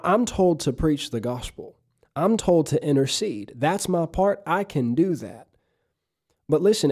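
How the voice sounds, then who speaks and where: A man preaching on his podcast, exhorting listeners and having them repeat phrases aloud while guiding slow breaths. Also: medium pitch, dark tone. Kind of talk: podcast sermon with guided breathing.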